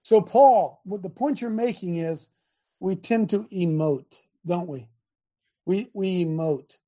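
Male host, husky, preachy call-in delivery with sudden shouts and drops; mid pitch. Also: slow. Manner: animated, swings from loud shouting to low mutters. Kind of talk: preachy call-in show talk.

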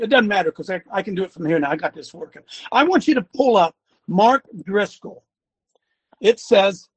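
An older man hosting a talk show as a former coach, venting and scolding his audience with bursts of shouting. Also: very high voice. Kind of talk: ranting commentary.

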